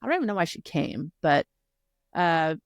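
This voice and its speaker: A woman co-hosting a podcast, casually recapping a novel with animated retelling and frequent laughter. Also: low-pitched, moderate pace, gravelly, no echo, studio quality. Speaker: podcast co-host. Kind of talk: casual book chat.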